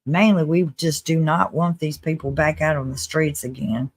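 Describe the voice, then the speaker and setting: A live-stream host giving casual commentary in a chatty, earnest way, with restarts and quick laughs. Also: mid-range voice. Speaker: livestream host.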